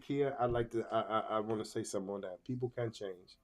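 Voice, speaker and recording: A man with a fairly low voice speaks in a loose, casual podcast conversation. He leans hard on his points and repeats phrases while he works them out. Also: fairly even intonation, fast, darkish tone. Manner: emphatic, repeats himself while working out a point. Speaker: podcast co-host. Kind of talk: casual chat.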